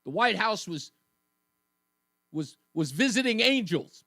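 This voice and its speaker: High-pitched guy on talk radio, sarcastic and punchy, dry studio sound, faint mains hum. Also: very animated, takes it slowly, pushed and bright, no room sound. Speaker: radio talk show host. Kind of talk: combative political talk radio monologue.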